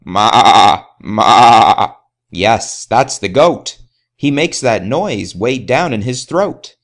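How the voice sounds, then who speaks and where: A man's voice: medium pitch, sing-song, slow. A man narrating a rhyming children's story in a playful sing-song way. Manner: sing-song, playful, imitates animal sounds.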